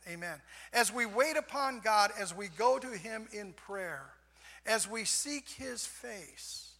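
High gravelly preacher in a hall. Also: male voice. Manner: folksy, repeats "amen", swings from soft to shouting. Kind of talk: sermon. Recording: long hall reverb.

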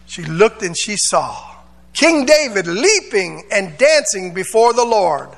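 This pastor's voice is high, gravelly and sing-song, and he takes his time, with a long reverb tail trailing each phrase. He delivers his sermon dramatically, voicing Bible characters and pulling amens back from the crowd.

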